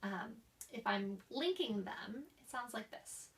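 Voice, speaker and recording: A young woman explains voice exercises to a class, now and then showing them with a cough or a sigh. She speaks slowly, with a fairly high, gravelly voice. The mic sits a little way off. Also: lively intonation, distant mic. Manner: demonstrates exercises with coughs, sighs and slowed speech. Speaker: student presenter. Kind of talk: explaining voice therapy techniques.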